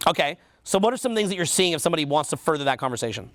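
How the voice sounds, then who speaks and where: A man's voice: a little high, big pitch swings, rapid-fire, fairly bright tone. A man with a Canadian accent teaching a seminar, quizzing the audience and repeating their answers back. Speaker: dating coach.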